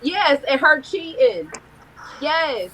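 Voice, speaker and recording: A woman's voice: high voice, takes it slowly, poor audio. A woman, a guest telling a blunt, profane story in a casual live-stream interview. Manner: candid, profane, animated storytelling.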